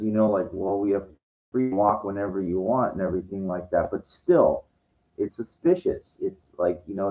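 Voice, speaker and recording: A man talking in a meandering, profane vlog monologue, full of "you know" and "like". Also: fairly low pitch. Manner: meandering, profane, heavy with fillers. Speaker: vlogger. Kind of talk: rambling monologue. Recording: dull lo-fi sound.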